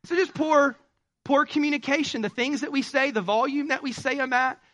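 A man preaching a sermon, joking and conversational, with sudden loud bursts. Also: extremely high pitch, moderate pace. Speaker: pastor.

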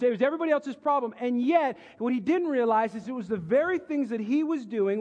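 A male pastor preaching a sermon in a church, talking in a casual, joking way and teasing the congregation. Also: extremely high pitch. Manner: conversational, joking, teases the congregation. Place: church sanctuary. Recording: dull lo-fi sound with long hall reverb.

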